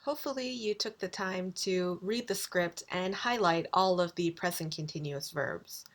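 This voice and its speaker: A woman lecturer giving a recorded video lesson, explaining grammar slowly and deliberately. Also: on the low side, fairly bright tone. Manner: slow, deliberate explanations with quoted examples. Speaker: university lecturer.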